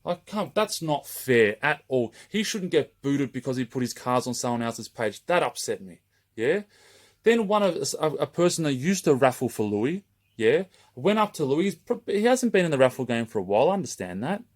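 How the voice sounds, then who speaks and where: A man's voice: mid-range voice, big pitch swings, moderate pace. A man running a raffle page, delivering a heated, rambling open-letter rant straight to camera and swearing constantly.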